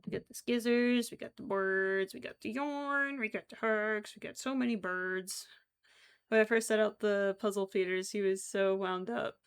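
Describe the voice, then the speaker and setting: A woman's voice: fairly high pitch, vocal fry, slight background noise. A young woman chatting casually with her stream while crocheting, giggly and given to frequent exclamations.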